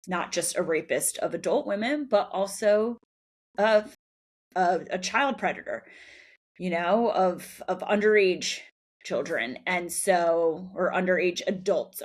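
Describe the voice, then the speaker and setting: A woman hosting a solo podcast, telling a personal story in a candid, reflective way with soft laughs between phrases. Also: medium pitch. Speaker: podcast host.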